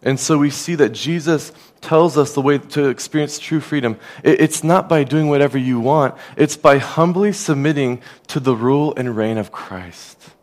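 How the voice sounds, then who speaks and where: A man preaching a sermon as a pastor, earnest and conversational, dropping softer on key phrases. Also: mid-range voice, moderate pace, hardly any pauses.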